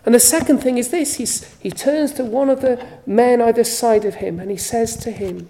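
A woman preaching a sermon at a church service, slow and emphatic, with repeated phrases for weight. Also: a little high, dark tone, a little hiss or hum.

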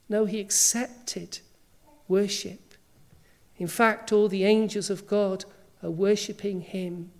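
Woman, preacher, sermon, emphatic, rhetorical questions, medium pitch. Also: steady tone, slow, a little mellow.

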